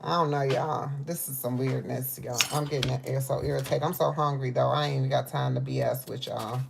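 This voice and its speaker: A woman with a low voice chats to her viewers while she cooks in her home kitchen, calling them "baby" and "y'all". She talks loosely and personally as she moves around the room. A faint hiss sits under the recording. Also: steady tone, a little fast, vocal fry. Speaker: livestream host. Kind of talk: casual live cooking chat.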